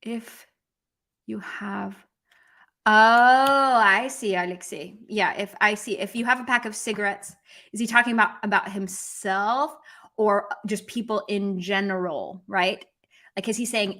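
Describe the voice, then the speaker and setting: A woman teaching a language lesson on a live stream, lively and chatty, answering viewers as she explains. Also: medium pitch, unhurried. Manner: lively, switches between English and Russian, chats with viewers.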